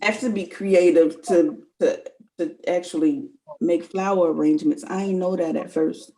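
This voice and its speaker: A woman's voice: fairly low pitch, steady tone, moderate pace, dark tone, rough recording. A woman guest in a casual conversation, talking earnestly and rambling, filling her talk with "like". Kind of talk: casual chat.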